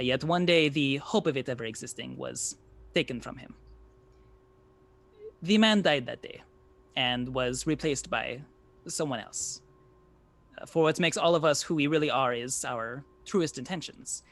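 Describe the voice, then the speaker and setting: A man's voice: mid-range voice, fairly bright tone, close to an everyday voice. A man putting on Rictavio, a Sicilian-accented storyteller. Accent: Sicilian Italian. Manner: solemn, measured storytelling. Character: grandiose male traveling storyteller. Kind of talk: reading a written character story aloud.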